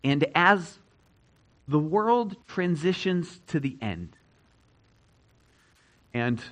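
A man preaching a sermon as a pastor, repeating key phrases and swinging between loud emphasis and hushed statements. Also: fairly high pitch, very animated, drawn-out words, poor audio.

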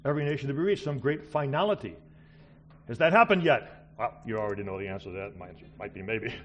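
A middle-aged man preaches with an animated sermon delivery, rising to loud exclamations and then dropping to quiet asides. His voice sits at an ordinary pitch for a man. The recording is slightly muffled, with a faint hum of ambience behind him. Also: fast talker. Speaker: missionary preacher.

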